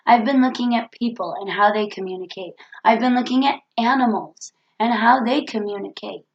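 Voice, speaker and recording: A woman's voice: fairly high pitch, normal speed, echoey room, highs cut off. A woman with a cold talking earnestly into the camera in a reflective self-help vlog, repeating her key points. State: has a cold. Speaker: vlogger.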